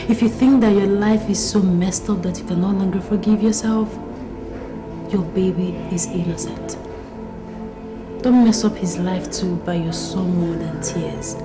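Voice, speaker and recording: Nigerian woman friend, acted by a woman, repeats herself, firm, soothing, loud score behind. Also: mid-range voice, unhurried, long pauses, echoey room, close to an everyday voice. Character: caring woman friend of young mother. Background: film score music.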